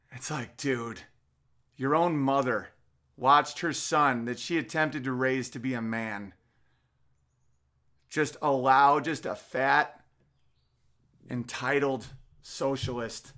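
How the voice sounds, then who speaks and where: Profane, heated man hosting a podcast. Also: fairly high pitch. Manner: profane, heated, swings between loud outbursts and muttered asides. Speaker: podcast host. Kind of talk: casual podcast rant, reading chat comments.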